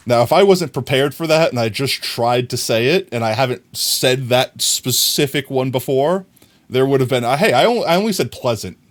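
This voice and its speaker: A young man with an expressive, mid-range voice streams live, chatting casually and thinking aloud while he builds in a game. He's playful and quick to laugh at himself.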